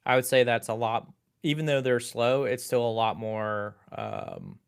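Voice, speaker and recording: A man's voice: medium pitch, big pitch swings, unhurried, creaky, clean tone. A man co-hosting a tech podcast, easygoing and casual, often searching for words and repeating himself. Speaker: podcast co-host.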